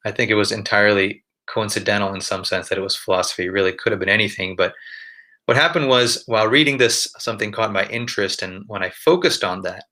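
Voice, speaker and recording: A man with a lowish voice and a forceful, bright tone speaks in an interview. He explains things in an orderly way, defines his terms and gives examples, with the occasional filler. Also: quick pace. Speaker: doctor describing a near-death-like experience.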